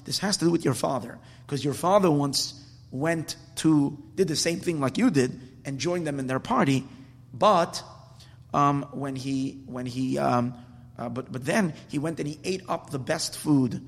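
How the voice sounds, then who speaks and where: Guy doing a sly fox from a fable, coaxing, bit gravelly, big echoey room. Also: on the high side, unhurried. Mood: concerned. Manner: coaxing, persuasive. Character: sly scheming fox, male trickster.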